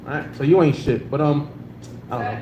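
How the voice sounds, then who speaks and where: A man's voice: mid-range voice, brisk, dull audio. A man performing a casual, crude stand-up comedy set on a club stage with a handheld mic. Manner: casual, crude, laid-back, with frequent filler. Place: club stage before a live audience. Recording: roomy club sound with faint noise.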